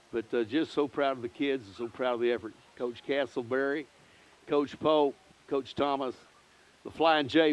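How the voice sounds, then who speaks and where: A man commentating a local softball broadcast in a folksy, rambling, proud way, a little out of breath. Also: mid-range voice. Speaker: play-by-play announcer. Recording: dull lo-fi stream audio.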